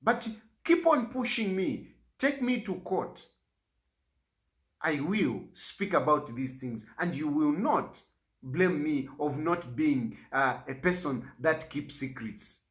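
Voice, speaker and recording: Impassioned Zambian man, pitch swinging widely. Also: expressive, slow pace. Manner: pleading, rises and falls sharply in pitch. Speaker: opposition party leader. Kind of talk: impassioned public statement.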